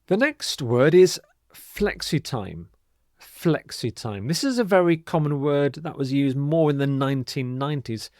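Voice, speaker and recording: A man teaching English vocabulary, speaking clearly and deliberately and modelling the pronunciation and stress of each word. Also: a little high, animated, a little mellow, no echo, studio quality. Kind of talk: scripted vocabulary lesson.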